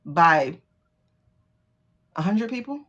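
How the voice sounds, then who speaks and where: A woman's voice: on the low side, big pitch swings, slow pace, a bit bright, muffled recording. A middle-aged woman hosting a tarot livestream, talking casually and bluntly, swearing and laughing often. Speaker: livestream host doing tarot readings.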